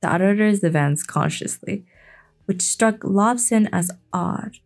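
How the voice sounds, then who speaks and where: A woman giving a relaxed late-night fantasy reading, hesitant and chatty, stumbling and breaking off for asides. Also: medium pitch, a little slow, gravelly, soft background music. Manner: laid-back, hesitant, self-interrupting. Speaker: bedtime reader.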